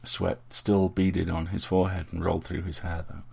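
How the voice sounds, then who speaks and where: A man reading a fantasy story in a steady, measured storytelling voice. His tone is very deep and heavily gravelly, with a husky texture. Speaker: narrator. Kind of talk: audiobook narration.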